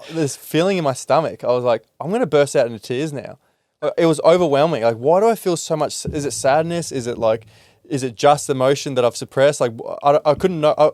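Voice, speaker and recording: With a fairly high, slightly mellow voice, a man hosting a podcast reflects openly on emotional experiences, loose and conversational, often using fillers and restarting sentences. It's a clean studio recording without room sound.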